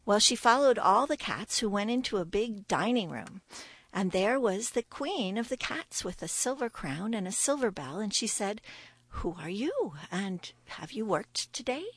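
A woman telling a folktale aloud as a storyteller, expressive, dropping to a whisper now and then. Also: medium pitch, moderate pace, no echo. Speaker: storyteller guest.

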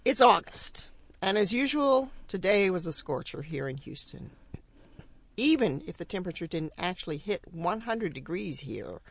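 A woman's voice: on the low side, sing-song, moderate pace, husky. A woman hosting a community radio show, chatty and upbeat as she introduces guests and asks for donations.

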